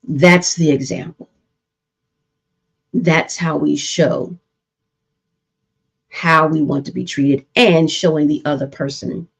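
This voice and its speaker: Gravelly-voiced woman therapist giving earnest advice. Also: mid-range voice, a little mellow, highs cut off. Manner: earnest, repetitive, preacher-like emphasis. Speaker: therapist and show host. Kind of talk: live-streamed relationship talk.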